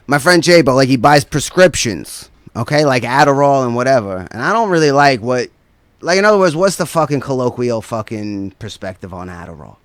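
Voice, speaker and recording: A man's voice: mid-range voice, sing-song, normal speed, clear, resonant tone, no echo. A man performing a stand-up routine as a guest comedian, rambling through a profane story and tossing in constant "right?" asides.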